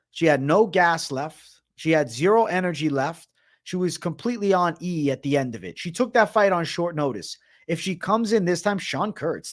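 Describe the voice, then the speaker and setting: A man hosting a live MMA prediction stream in casual chat, rambling and cursing as he jokes with viewers in the chat. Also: fairly high pitch. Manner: rambling, profane, joking with chat; hums beat sounds between topics. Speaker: MMA prediction show host. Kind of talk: casual livestream commentary.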